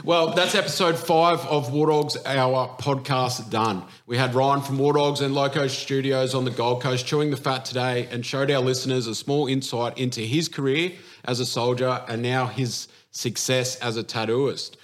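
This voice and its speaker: An Australian man hosting a podcast, wrapping up the episode in a relaxed way with many fillers. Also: mid-range voice, moderate pace, hardly any pauses. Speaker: podcast host. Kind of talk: casual podcast wrap-up.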